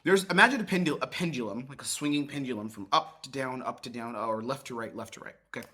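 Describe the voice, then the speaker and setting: A man gives a sales training talk in a loose, casual way, now and then swearing and acting out how a call should sound. His voice is bright and a little husky. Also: medium pitch, fast. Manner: demonstrates tones by acting out calls; casual, swears, many restarts. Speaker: sales coach.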